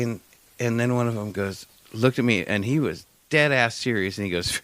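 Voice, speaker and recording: Deep-voiced rambling man chatting. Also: fairly quick, a bit bright, no echo. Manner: rambling, loses his thread, jokey. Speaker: podcast co-host. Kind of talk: casual chat.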